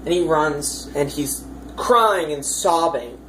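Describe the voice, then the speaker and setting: Woman game master, low voice, chatty and rambling, faint hiss on the track. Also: animated, takes it slowly. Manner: chatty, rambling, many fillers, amused. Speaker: dungeon master. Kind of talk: casual storytelling of a tabletop campaign.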